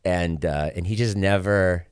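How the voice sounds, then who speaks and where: A man's voice: deep voice, unhurried, smooth. A man in his forties, a podcast guest telling stories in casual chat and acting out what others said. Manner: animated storyteller, acts out quotes loudly.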